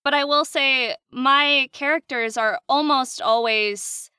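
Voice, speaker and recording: A woman voice actress chatting as a guest on a podcast, animated and laughing often. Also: high voice, slow, clean tone, no echo, clean studio sound. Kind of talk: casual podcast interview.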